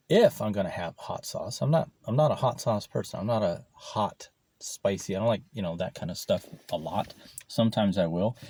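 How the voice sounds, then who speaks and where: Brief: lowish-voiced, profane man rambling to the camera mic over lunch. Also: dark tone, breathy edge, no room sound. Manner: rambling, profane, swears often. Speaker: vlogger. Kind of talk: casual chat while eating lunch. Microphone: camera mic, no clip-on mic.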